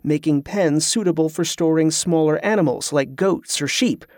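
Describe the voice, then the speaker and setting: A man narrating an adventure novel in an even, measured storytelling manner. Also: on the high side, no echo, studio quality. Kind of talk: audiobook narration.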